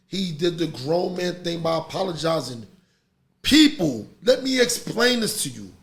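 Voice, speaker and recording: Gravelly, high-pitched man ranting on a podcast. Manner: animated, heated ranting with laughing asides. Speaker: podcast host. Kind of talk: casual podcast chat.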